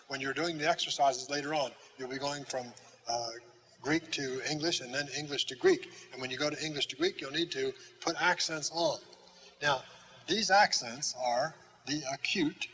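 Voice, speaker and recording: An older man teaching a classroom Greek lesson, patient and halting with many pauses. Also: mid-range voice, fairly bright tone, poor audio. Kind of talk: classroom lecture.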